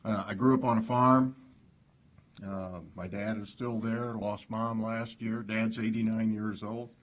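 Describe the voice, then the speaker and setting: A man's voice: lowish voice, flat delivery, a little slow. A man with a Southern Illinois accent giving a humble, lightly joking award acceptance speech at a dinner podium. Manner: humble, self-deprecating humor. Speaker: award honoree. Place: banquet hall.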